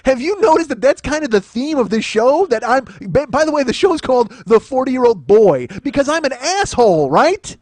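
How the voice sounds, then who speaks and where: A man's voice: very high voice, sing-song, a little fast, hardly any pauses, a little mellow, dry recording. A man in his forties hosting a solo comedy podcast, ranting in a profane, self-mocking, mock-indignant way.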